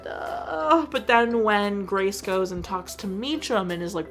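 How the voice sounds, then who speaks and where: Gravelly-voiced woman gushing about a film. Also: medium pitch, lively intonation, slow pace, music in the background. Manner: gushing and emotional, many "like" fillers. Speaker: movie reviewer. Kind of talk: casual video review.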